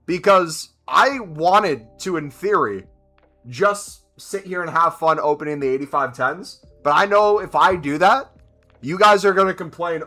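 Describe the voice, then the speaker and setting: A gaming streamer with a fairly high, sharp voice talks at a measured pace while playing a video game, faint music in the background. He keeps the commentary casual and answers viewers' questions as he goes.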